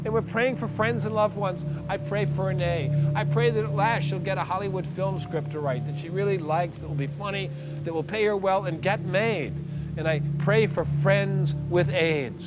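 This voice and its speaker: Middle-aged man, wry, animated monologist, high voice, hum underneath. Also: normal speed. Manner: animated, wry, increasingly breathless. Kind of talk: theatrical storytelling monologue.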